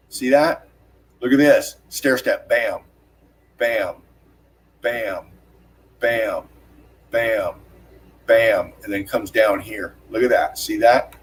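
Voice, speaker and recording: A man talks through on-screen footage in an urgent, excited rush, swearing freely and repeating himself. His delivery is emphatic and insistent, with punchy single words that mark each detail he points to. His pitch sits in an ordinary middle range for a man. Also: a little hiss or hum. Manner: urgent, profane, repeats "look at this" constantly; rapid emphatic pointing words like "bam" and "boom". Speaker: channel host narrating screen footage. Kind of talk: excited on-screen analysis commentary.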